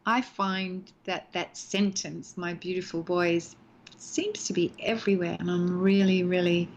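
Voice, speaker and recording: A middle-aged woman, a guest actress, telling stories in a chatty, animated way in a casual interview from home. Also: lowish voice, a little slow, a little hiss or hum. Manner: chatty, animated storyteller, laughs easily. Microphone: home video call. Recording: dull lo-fi call audio.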